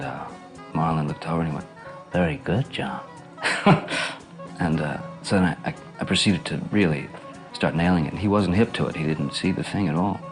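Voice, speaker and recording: A middle-aged man in an interview, reminiscing in a relaxed, rambling way with lots of fillers and chuckles. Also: extremely low pitch. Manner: relaxed, rambling, full of "you know"s and laughs.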